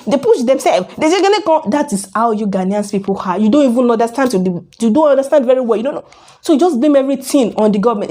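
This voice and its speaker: A woman's voice: on the high side, darkish tone. A young woman ranting to camera in a casual vlog, arguing her point with a stream of rhetorical questions. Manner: argumentative, fires rhetorical questions. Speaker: vlogger. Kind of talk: casual opinion rant to camera.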